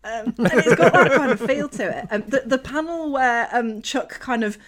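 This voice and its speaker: A woman's voice: fairly high pitch, normal speed, a crowd in the background. A woman from Yorkshire with a Yorkshire accent, gushing enthusiastically as a podcast co-host. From Yorkshire, England. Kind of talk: casual chat.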